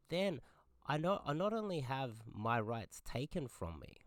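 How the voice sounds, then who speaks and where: A man's voice: mid-range voice, dry recording, clean studio sound. An Australian man giving an angry political rant, heated, swearing and often repeating himself. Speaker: political commentator. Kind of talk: angry ranting monologue.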